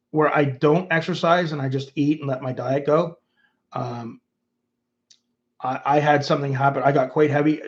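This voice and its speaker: A man's voice: on the high side, dull audio. Chatty Canadian man on a livestream. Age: 50s. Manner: rambling, reads viewer comments aloud. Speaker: YouTube host. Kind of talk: casual livestream chat.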